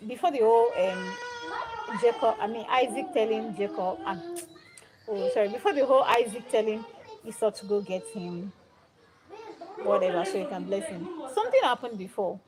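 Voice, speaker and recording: A young woman hosting a live stream, telling a Bible story in a casual, animated and dramatic way. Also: on the high side, normal speed, poor audio. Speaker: livestream host.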